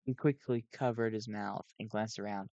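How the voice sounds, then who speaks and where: A man's voice: lowish voice, fairly even intonation, moderate pace, creaky, darkish tone, no room sound, highs cut off. A sleep-deprived man reading a fan story aloud on a cheap home mic, often stumbling and correcting himself. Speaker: fan reader. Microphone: cheap home microphone.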